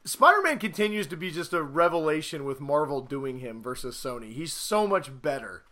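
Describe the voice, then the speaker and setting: A man co-hosting a podcast, chatting casually and excitedly about a movie, swearing and acting out scenes. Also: fairly high pitch, normal speed, a crowd in the background. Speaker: podcast co-host. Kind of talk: casual movie review chat.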